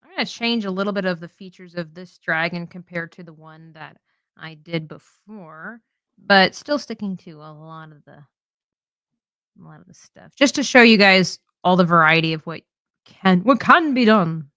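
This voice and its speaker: Woman, bright clear voice, dry close sound, casual live drawing lesson, laughs a lot. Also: on the low side, animated, normal speed, no echo. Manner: chatty, laughs often, teasing. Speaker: art teacher streaming live.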